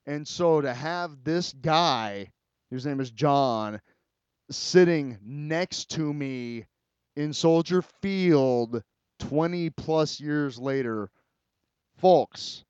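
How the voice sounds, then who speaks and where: A man's voice: medium pitch, darkish tone, smooth, no echo, highs cut off. A middle-aged man hosting a casual solo podcast, rambling and emotional, swearing freely and talking straight to his listeners. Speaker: podcast host.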